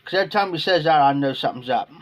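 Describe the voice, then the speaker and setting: A man with an Ohio accent spins a long, rambling workday story in a folksy, unpolished way. His voice sits a little higher than most men's. He slips into quoted back-and-forth as he goes. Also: animated, racing. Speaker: live streamer. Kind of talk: casual storytelling. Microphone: phone or webcam on a live stream.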